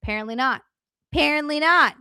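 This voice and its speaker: Bubbly, bright-voiced woman streamer. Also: sits high, fast talker, no room sound, clean studio sound. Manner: bubbly and effusive, giggly, chatty asides while navigating settings. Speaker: livestream host. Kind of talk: casual livestream chat, thanking viewers.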